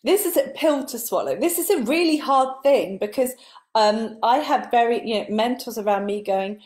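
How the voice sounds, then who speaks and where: A woman's voice: fairly high pitch, normal speed, darkish tone. Earnest woman coaching in layered lists. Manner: earnest, builds repetitive lists. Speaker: spiritual coach. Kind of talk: live motivational talk.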